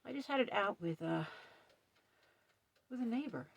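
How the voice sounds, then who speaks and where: A middle-aged woman camp host in a casual vlog, upset and shaky, talking emphatically in a dark trailer. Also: a little high, lively intonation, moderate pace, vocal fry, breathy edge. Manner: upset, emphatic, retells quarrel with stern quoted lines. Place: dark trailer at night with ring light.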